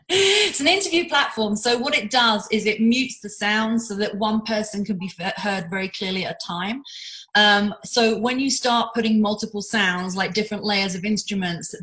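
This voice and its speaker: A woman's voice: mid-range voice, a bit bright, low-quality recording. A woman interviewing a musician over a video call, chatty and loose, with many fillers and restarts.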